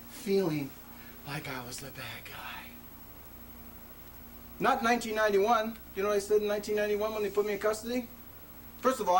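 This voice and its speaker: A man giving an impassioned public talk, telling his own story in an emphatic, conversational way with sudden rises in his voice. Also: fairly high pitch. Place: presentation venue before an audience. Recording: distant mic with faint noise, 1980s video.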